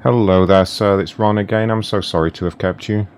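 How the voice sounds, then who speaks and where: A man's voice: on the low side, fairly even intonation, fairly quick, darkish tone, clear, resonant tone, faint music behind, close to an everyday voice. A man playing a flustered customer-service agent in a prank call, stammering and apologizing politely. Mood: flustered, apologetic. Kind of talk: prank call role-play.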